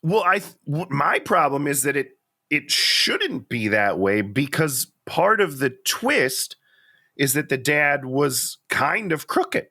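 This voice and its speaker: A man co-hosting a podcast, talking through a movie in an animated, playful, chatty way. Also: fairly high pitch, slow. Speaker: podcast co-host. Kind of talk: casual chat.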